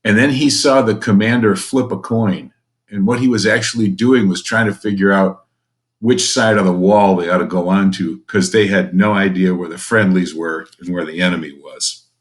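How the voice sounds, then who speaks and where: A man's voice: low-pitched, fairly even intonation, moderate pace. A man teaching a recorded history lecture to students, folksy and conversational, with jokey asides.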